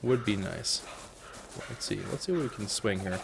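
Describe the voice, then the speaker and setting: A young man commenting on his own gameplay with a jumpy, animated voice that leaps high when things go wrong. He jokes and talks to the creatures on his screen. A faint hum of ambience sits under him. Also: normal speed, vocal fry. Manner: excitable, jokey, talks to the animals. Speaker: gaming YouTuber. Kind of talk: let's play commentary.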